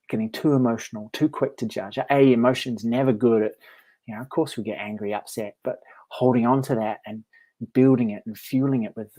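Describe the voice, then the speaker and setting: A meditation teacher talks casually to camera in a storytelling vlog, telling a parable in a friendly, reflective way. His middle-pitched voice has a darkish tone, and he chuckles often and restarts his phrases.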